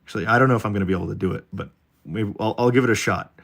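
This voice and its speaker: A man's voice: on the low side, rapid-fire, gravelly, a bit bright. A man streaming live while he draws, rambling in a jokey way and talking straight to his chat. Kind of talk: casual livestream chat while drawing.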